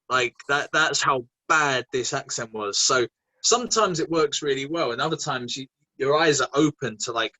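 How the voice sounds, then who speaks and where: A man, a guest actor chatting casually in an interview, animated and quick to laugh. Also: mid-range voice, rough recording. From England. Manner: animated, laughing, many restarts.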